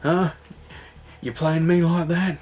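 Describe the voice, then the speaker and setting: A man's voice: on the high side, fairly even intonation, slow pace, darkish tone, soft background music, pitched above the performer's own voice. A man doing a blunt, bossy mob boss. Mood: domineering. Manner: blunt, demanding, loosely quoted.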